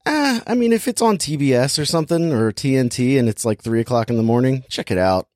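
A man's voice: medium pitch, animated, quick pace, darkish tone, no echo, clean studio sound. A man casually reviewing a film in a chat, rambling and filling his talk with "like" as he restarts his sentences. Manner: rambling, heavy use of "like", self-interrupting. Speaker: podcast movie reviewer.

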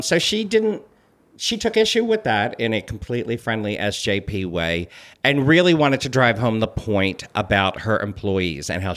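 Animated storytelling man co-host. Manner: animated storytelling, lively swings in pitch. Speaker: celebrity blogger and podcast co-host. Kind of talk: casual chat.

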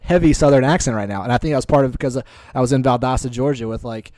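Man from north carolina, middle pitch, dry close recording, rambling storyteller. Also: quick pace, a little mellow, dry recording. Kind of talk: casual chat.

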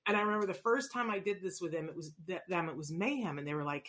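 A woman's voice: lowish voice, fast talker, few pauses. A middle-aged woman telling stories casually, acting out voices as she talks about play and children on the autism spectrum. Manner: animated, acts out voices in anecdotes. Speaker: parent educator on autism. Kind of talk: casual storytelling talk.

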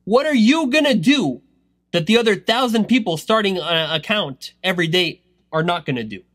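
A man giving a rambling motivational talk about online selling, swinging between loud pushes and low asides. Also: animated, moderate pace, dry recording, studio quality. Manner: rambling, filler-heavy. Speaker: online seller coaching others.

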